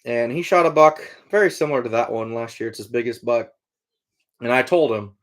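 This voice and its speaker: A middle-aged man from Iowa, a trapper and hunter, hosts a laid-back livestream, answering viewer comments in a rambling way with heavy use of fillers. He talks briskly in a mid-range voice.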